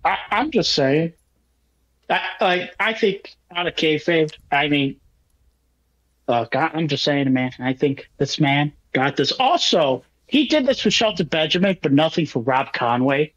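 A man's voice: fairly high pitch, expressive, measured pace, fairly bright tone, muffled recording. A man co-hosting a podcast in a wry, casual recap chat. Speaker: podcast co-host.

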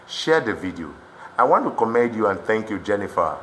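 A man's voice: fairly low pitch, expressive, a little fast. Impassioned Nigerian man in Pidgin. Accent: Nigerian Pidgin English. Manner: impassioned, swings to shouting. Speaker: street commentator. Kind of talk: emotional protest vlog. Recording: echoey room with faint background noise.

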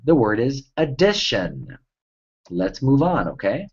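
Slow, lively male reading tutor. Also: medium pitch, breathy edge. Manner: cheerful, enunciates words slowly for children. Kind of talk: children's reading lesson. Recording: dull lo-fi recording.

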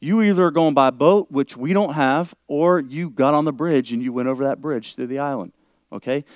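A male pastor preaching a sermon, often checking in with the congregation and growing louder and higher as he presses a point. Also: moderate pace, dry recording, clean studio sound. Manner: preaching, rising loud and high when stressing a point; asks the congregation for agreement often.

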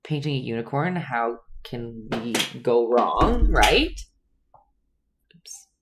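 A woman's voice: very deep voice, very animated, takes it slowly, background noise. A young woman hosting a live painting lesson, chatting casually with viewers in the chat as she works. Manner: chatty, talks to chat viewers while teaching. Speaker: painting instructor and livestream host.

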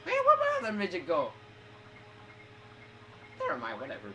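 A woman's voice: fairly low pitch, wildly swooping pitch, normal speed. A woman commentating her gameplay in a hyper way, shrieking and swearing at the game. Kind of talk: let's play commentary. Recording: game music under voice. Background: game music.

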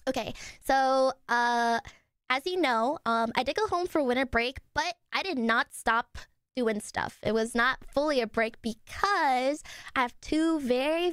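Bubbly young woman streaming, high voice that swoops all over, dry close sound. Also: dry recording. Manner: bubbly, squeals and laughs when excited. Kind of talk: casual live-stream chat with viewers.

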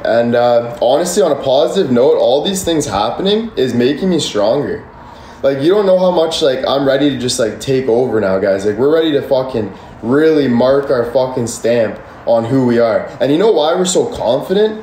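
A man's voice: mid-range voice, lively intonation, moderate pace, a little mellow, reverberant, slight background noise. A young man hosting a casual livestream, talking passionately and swearing a lot as he rambles and answers chat. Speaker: livestream host. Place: room indoors. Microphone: phone or camera at a distance.

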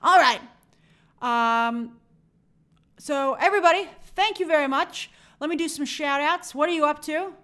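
A woman's voice: sits high, a little slow, fairly bright tone. A young woman hosting a movie live stream, chatting upbeat and reading out viewer comments.

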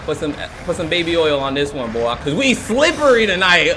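A man commentating his own horror game playthrough, excitable, joking and yelling for help as he plays. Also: fairly high pitch, moderate pace, hardly any pauses, noisy background. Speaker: gaming channel host. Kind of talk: let's play commentary.

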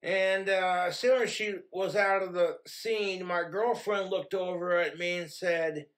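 A man's voice: high voice, fairly even intonation, unhurried, a bit bright. A man vlogging at home, ranting bluntly and crudely in a rambling, profane monologue. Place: home in Wyoming.

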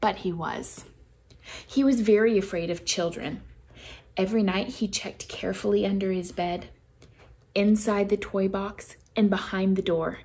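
Woman storyteller for a church kids' show, expressive picture-book read-aloud. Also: medium pitch, unhurried. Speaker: children's ministry reader.

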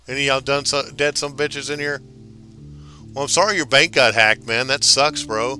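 A man's voice: mid-range voice, steady tone, moderate pace, sharp tone, faint music behind. A man streaming a game live, chatting casually and hyping up his viewers. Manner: chatty, hyped, talks back to viewers.

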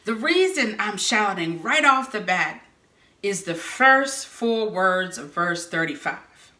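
A woman preacher gives a sermon at an unhurried pace, telling stories punctuated by lively bursts of shouting. Her mid-range voice is bright and forceful, ringing through an echoey church sanctuary or hall.

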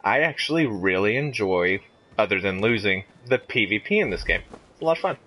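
A man streaming a fighting game who jokes around and reacts loudly to the action. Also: on the low side, a little fast. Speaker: gaming streamer. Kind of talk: casual gameplay commentary. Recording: steady background noise.

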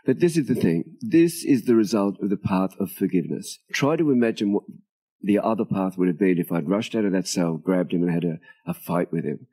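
Older man, dark husky voice, animated storyteller. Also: deep voice, brisk. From Australia. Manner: animated storyteller, acts out quoted dialogue, laughs often. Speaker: interview guest, author. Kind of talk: storytelling in conversation. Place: outdoors at a tropical home near a beach.

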